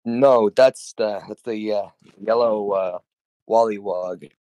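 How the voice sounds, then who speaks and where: A man co-hosting a comedic podcast, speaking in a laid-back, deadpan, matter-of-fact way. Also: lowish voice, slow, soft background music. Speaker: podcast co-host. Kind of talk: comedic vtuber podcast banter.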